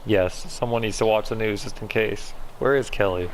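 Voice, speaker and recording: A man's voice: lowish voice, moderate pace, noisy background, close to an everyday voice. A man reading the lines of a literal-minded brother anxious about a storm, while playing a text game.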